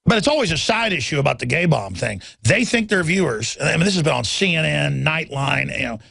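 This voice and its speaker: Male talk radio host, raspy and gravelly, higher-pitched, rambling heated monologue. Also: very animated, a little fast, pushed and bright, no echo, studio quality. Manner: rambling and heated, many fillers and restarts.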